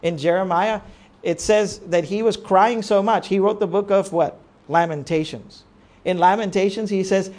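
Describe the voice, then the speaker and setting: A pastor preaches at normal speed, his voice climbing to near-shouts and then dropping low. He frequently puts rhetorical questions to the congregation.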